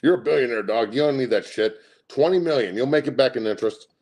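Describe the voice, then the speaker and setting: Gravelly, brash, profane host. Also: male voice, mid-range voice, quick pace. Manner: loud, brash and profane, laughs often. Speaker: sports show host. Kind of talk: profane casual sports commentary.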